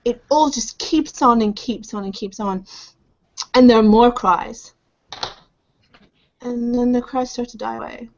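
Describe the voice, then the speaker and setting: Woman game master with a slightly high voice. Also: fairly even intonation, a little slow, long pauses. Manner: vivid descriptive narration with sound effects. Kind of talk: narrating a tabletop game. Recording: dull lo-fi recording.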